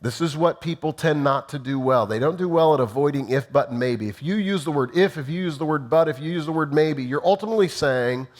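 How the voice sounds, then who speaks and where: A man's voice: a little high, animated, fairly quick, hardly any pauses. Man preaching a practical sermon. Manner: teaching in numbered points, acting out sample apologies. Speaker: pastor.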